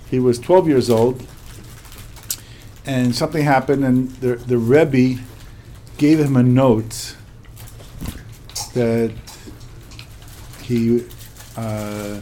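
A man's voice: mid-range voice, fairly even intonation, slow, pauses often, mellow, slight background noise. A middle-aged man from the United States, a religious teacher telling a story to his class in a repetitive, emphatic way.

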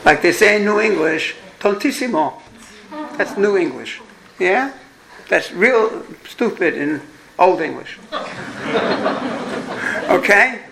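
A man's voice: sits high, expressive, slow pace, creaky, long pauses, fairly bright tone, poor audio. A man from New York with a New York accent, giving a parenting lecture to an audience, emphatic and repeating his key points, with jokey asides.

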